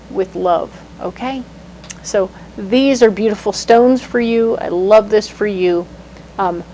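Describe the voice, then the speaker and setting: A woman giving a casual tarot reading, animated and playful, breaking into sudden exclamations. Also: medium pitch, slight background noise, rough recording. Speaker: tarot reader.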